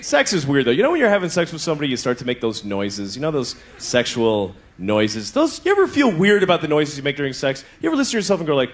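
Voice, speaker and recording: A man's voice: a little high, quick pace, few pauses, a little hiss or hum. A middle-aged man doing a stand-up comedy routine, telling stories and acting out voices. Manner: animated storytelling, acting out voices and moans.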